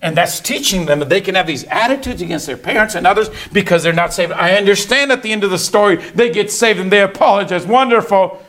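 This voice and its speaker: A man's voice: high-pitched, quick pace, hardly any pauses, fairly bright tone. A middle-aged man preaching a sermon, telling a family story and acting out the voices of his family. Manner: storytelling, acts out family dialogue.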